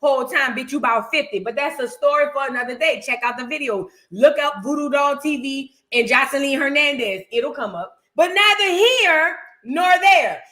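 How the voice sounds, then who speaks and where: A woman hosting a reaction show, giving blunt, profane, animated commentary in a casual way. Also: sits high, moderate pace, hardly any pauses.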